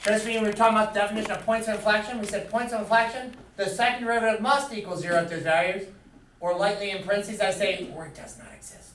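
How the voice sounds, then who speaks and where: A man's voice: high voice, steady tone, fast talker, a bit bright, a little hiss or hum. A man teaching a math class in a classroom, quizzing students with fill-in questions. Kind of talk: classroom lecture. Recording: echoey room, far from the mic.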